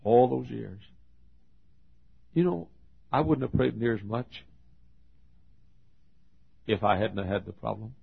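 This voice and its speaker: A gravelly, husky older man preaching from the pulpit, loud and lively as he tells a story. The recording sounds dull and lo-fi. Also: medium pitch, takes it slowly, long pauses. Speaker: pastor. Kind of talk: sermon.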